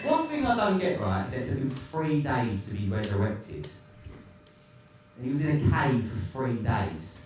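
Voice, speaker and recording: A man's voice: mid-range voice, sing-song, normal speed, distant mic. A man doing a stand-up comedy set, crude, sardonic and rambling. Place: comedy club stage. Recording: echoey club, recorded from afar, noisy.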